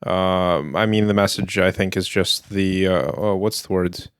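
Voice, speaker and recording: A man's voice: deep voice, measured pace, clear, resonant tone, no room sound. A man co-hosting a podcast, laid-back with short replies and dry asides. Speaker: podcast co-host. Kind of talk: casual conversation.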